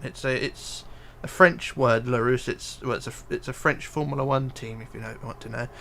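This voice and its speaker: Gravelly-voiced man chatting on a stream. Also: medium pitch, fairly even intonation, moderate pace, sharp tone, a little hiss or hum. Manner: reads viewer comments aloud, hesitant with fillers, mutters while counting. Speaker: livestreamer. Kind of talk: casual live stream chat while building.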